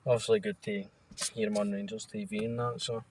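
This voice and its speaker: A man's voice: lowish voice, little pitch movement, fairly quick, a little mellow, a little hiss or hum. A young Scottish man co-hosting a podcast, chatting casually about football in a laid-back way with short, agreeable replies. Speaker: podcast co-host. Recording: distant from the mic.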